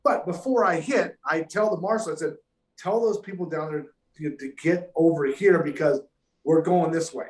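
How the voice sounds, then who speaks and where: A man telling stories in casual podcast chat, swearing freely and animated. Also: a little high, normal speed, roomy sound, poor audio. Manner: profane, animated storytelling. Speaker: pro golfer guest.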